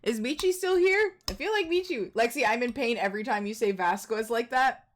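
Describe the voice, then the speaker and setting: A woman's voice: fairly high pitch, expressive, fairly quick. A young adult woman streamer chatting casually with her audience in a playful, teasing way. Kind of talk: casual gaming stream chat.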